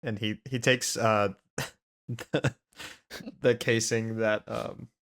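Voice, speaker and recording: A man playing a tabletop game, speaking in character with a hesitant, halting manner. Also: fairly low pitch, fairly even intonation, gravelly, a bit bright. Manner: hesitant, many ums. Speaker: player.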